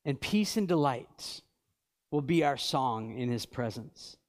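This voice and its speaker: A man in his thirties preaching a sermon as pastor, reading scripture with emphasis and swinging between fervent peaks and quiet lows. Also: lively intonation, slow. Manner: earnest, builds to fervent peaks then drops quiet; reads scripture aloud with emphasis.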